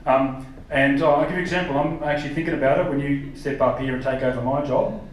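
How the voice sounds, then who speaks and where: This forty-something comedian talks at a quick clip in a medium, fairly even voice, with a little hiss or hum on the track. He works a theater stage with brash, profane crowd banter, captured from far off in an echoey room over audience laughter.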